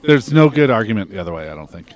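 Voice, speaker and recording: A man's voice: on the low side, very animated. A man in casual podcast chat who throws in wry comments and tells a short anecdote. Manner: wry, quick interjections.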